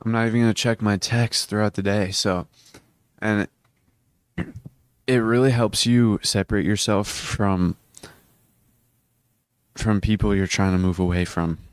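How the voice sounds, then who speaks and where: This casual self-improvement vlog features a hiccuping teenage boy whose deep voice stays even, smooth and clear. He talks a little slowly with long pauses, earnest and rambling, often starting sentences over. It's recorded close and dry, with no echo or room sound.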